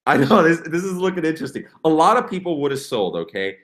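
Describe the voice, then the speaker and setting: An excitable young man chats loosely on a livestream, rambling from one thought to the next and stopping to read comments aloud. His voice sits a little high and swings widely in pitch as he gets hyped. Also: fast. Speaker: crypto livestream host. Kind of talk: casual livestream chat.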